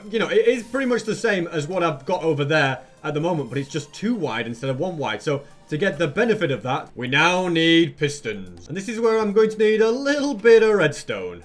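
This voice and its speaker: A young man narrating his own gameplay in a chatty way, asking viewers rhetorical questions as he goes. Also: fairly high pitch. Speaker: Minecraft YouTuber. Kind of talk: gameplay commentary.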